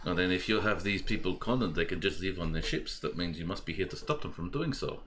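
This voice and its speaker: A man's voice: low-pitched, lively intonation, quick pace, fairly bright tone, a little hiss or hum. A man playing a tabletop game, speaking in character as he stalls and probes over a call. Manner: probing, stalling negotiator. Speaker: player. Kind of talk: in-character tabletop role-play.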